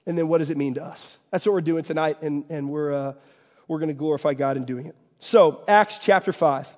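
A man preaching a sermon, telling a story animatedly and building to loud excited bursts. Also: fairly high pitch, brisk. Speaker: pastor. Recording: dull sound with long hall reverb.

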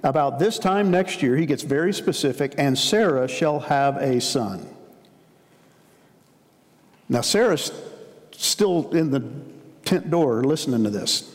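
A man delivers a sermon in a relaxed, storytelling manner, like a pastor talking to his congregation. His voice sits at a middling pitch, and a long reverb from a large church hall trails every phrase. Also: takes it slowly, long pauses. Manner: storytelling, conversational preaching.

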